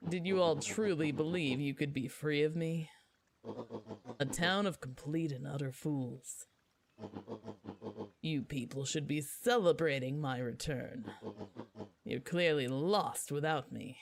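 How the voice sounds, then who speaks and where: A woman voicing a theatrical, scornful villainous man in a low, drawling voice. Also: slow pace, long pauses, slight background noise.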